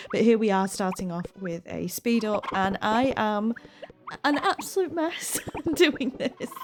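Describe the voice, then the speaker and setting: Woman, game commentary, chatty, giggly, teary, mid-pitched voice, faint music behind. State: emotional, close to tears. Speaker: gaming channel host. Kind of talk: casual game playthrough commentary.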